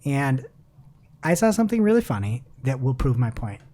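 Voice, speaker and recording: A woman's voice: extremely low pitch, sing-song, moderate pace, dark tone. A woman co-hosting a casual marketing news podcast, chatting animatedly, often laughing and reading quotes aloud. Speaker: podcast co-host.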